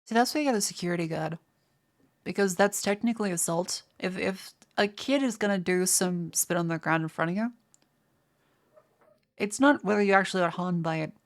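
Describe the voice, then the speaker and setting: Speaking a little fast in a lowish register, this young Australian streamer rambles profanely while responding to her viewers. She stammers and keeps restarting her sentences.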